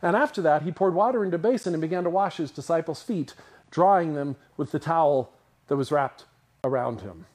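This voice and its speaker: Slightly high and slightly quick, a male pastor's voice carries a sermon delivered conversationally and with animation. Along the way he questions his audience and describes scenes for them to picture.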